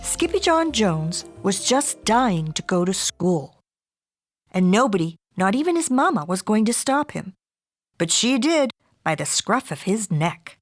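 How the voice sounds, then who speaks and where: A woman's voice: mid-range voice, measured pace, faint music behind. Playful woman reading a picture book. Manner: playful, expressive. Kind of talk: storybook read-aloud.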